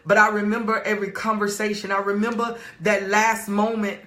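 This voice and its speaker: A woman's voice: medium pitch, level tone, brisk, fairly bright tone, reverberant. A woman, a life coach on a live stream, emphatically urging her viewers to type and react. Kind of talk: live-streamed motivational talk.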